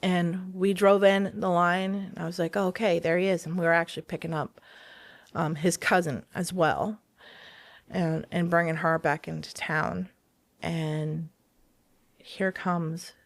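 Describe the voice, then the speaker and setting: Animated woman telling a story, dry sound. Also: on the low side, creaky, no room sound. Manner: animated, acts out quoted dialogue with laughter. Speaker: guest. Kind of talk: casual storytelling interview.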